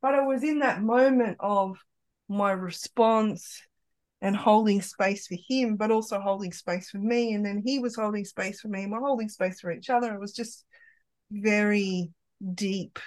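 A woman's voice: medium pitch, moderate pace, low-quality recording. A middle-aged woman, a podcast guest, telling an open, emotional personal story in casual conversation, with many restarts.

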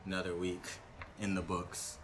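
A man's voice: sits low, monotone, moderate pace, a bit bright, slight background noise. A young man co-hosting a stream, chatting casually in a laid-back, slangy way and rattling off plugs. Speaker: stream co-host. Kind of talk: casual chat.

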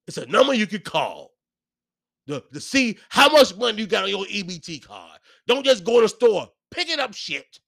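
A man in his thirties, a podcast host, delivering a profane comedic solo rant that swings between loud, heated outbursts and muttered asides. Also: medium pitch, no echo, clean studio sound.

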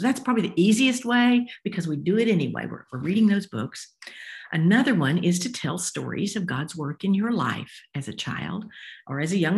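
Older female author guest, expressive, slips into character voices, low and lively. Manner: expressive, acts out voices while explaining. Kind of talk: interview conversation.

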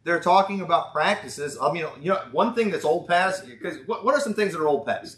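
A man's voice: sits high, fairly quick, hardly any pauses, a bit bright. A male pastor with a Southern accent preaching at a church conference, folksy and sarcastic, drawing out the words when he quotes. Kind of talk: conference sermon. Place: church hall. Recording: echoey church hall.

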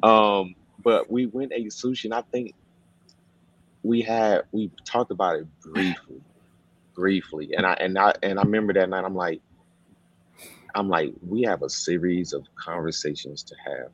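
Really low voiced guy, halting n candid, kinda muffled audio. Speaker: host. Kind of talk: casual discussion.

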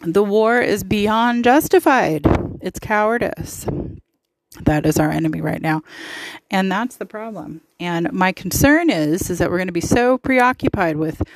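A woman's voice: medium pitch, animated, a little slow, a little hiss or hum, low-quality recording. A woman hosting a podcast, giving impassioned, opinionated political commentary with emphatic repetition. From United States. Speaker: podcast host.

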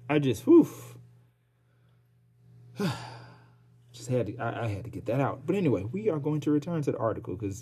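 Male podcast host, solo rant, animated and profane, darker husky voice. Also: mid-range voice, brisk. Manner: profane, heated, animated ranting with sighs.

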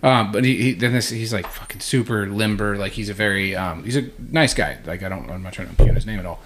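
A man's voice: lowish voice, fast, a bit bright, a little hiss or hum. A man chatting casually as a podcast co-host, telling stories full of profanity and acted-out quotes. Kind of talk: casual chat.

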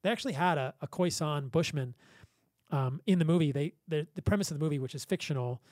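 A man's voice: a little high, quick pace, a little mellow, dry recording. A man guesting on a podcast as a physician, chatting casually and telling stories with frequent laughs. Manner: enthusiastic storyteller with frequent laughs.

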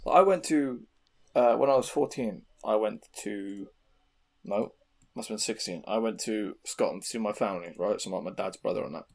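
A man's voice: fairly low pitch, moderate pace, gravelly. A young English man on a casual podcast, telling rambling stories full of swearing. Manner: swears freely, rambling animated storytelling. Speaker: podcast co-host. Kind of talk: casual chat.

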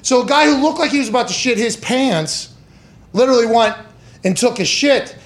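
A man's voice: extremely high pitch, moderate pace. A man hosting a sports podcast, telling crude comic stories in a loose, joking way. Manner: animated, crude joking, building comic rants. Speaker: podcast host. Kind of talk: casual sports chat.

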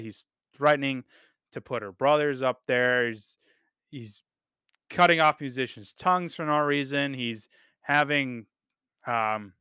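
Guy podcasting, casual and hyped, cusses a lot, smooth clear voice, dry sound. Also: mid-range voice, pushed and bright, dry recording. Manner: enthusiastic, profane, with frequent fillers and repeats. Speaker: podcast host reviewing a TV series. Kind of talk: casual unscripted review talk.

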